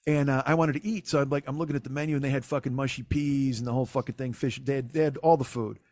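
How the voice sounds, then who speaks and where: A man's voice: medium pitch, steady tone, very fast, a little mellow, dry recording, clean studio sound. A middle-aged man hosting a comedy podcast, telling a rambling, profane story and laughing often. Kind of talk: casual storytelling.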